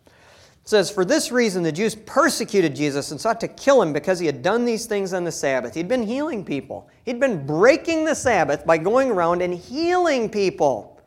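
A man's voice: sits high, big pitch swings, normal speed. Male pastor, sermon delivery: folksy, emphatic, reads scripture and talks straight to the congregation.

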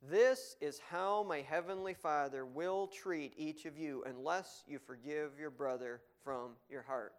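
Guy preaching a sermon, slightly high voice, hits words hard then drops to chatty asides. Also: measured pace, hardly any pauses. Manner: emphatic, swings between loud stress and quiet asides; reads scripture aloud, then explains it conversationally. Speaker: pastor.

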